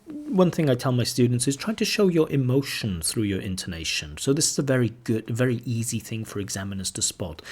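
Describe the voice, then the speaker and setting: A man who is an IELTS teacher and examiner, explaining speaking criteria to camera in a relaxed, conversational way. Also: on the low side, breathy edge. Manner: relaxed, conversational, with fillers and asides.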